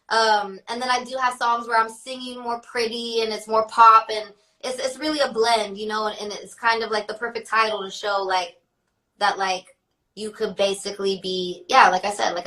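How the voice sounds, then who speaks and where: A woman's voice: a little high, level tone, a little fast, sharp tone, recorded from a distance, rough recording. A young woman talking casually as an interview guest, chatty and full of "like" fillers, often laughing. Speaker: guest, rapper.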